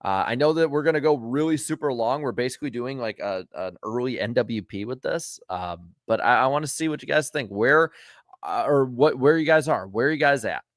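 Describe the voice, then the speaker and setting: A man's voice: medium pitch, expressive, a little fast, no echo, clean studio sound. A man from Florida hosting a casual livestream, chatting with viewers and reading their comments in a rambling way full of ums and uhs, and turning firm when he scolds rude viewers. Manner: rambling, filler-heavy, with frequent ums and uhs. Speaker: livestream host.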